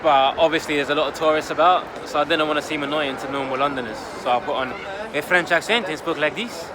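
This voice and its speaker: A man's voice: on the high side, fast. A man teasing his wife and telling a story as she films him on her phone. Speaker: vlogger's husband. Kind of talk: casual conversation. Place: outdoors on busy city streets. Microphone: wife's phone camera. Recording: phone recording with street noise. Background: street and traffic noise.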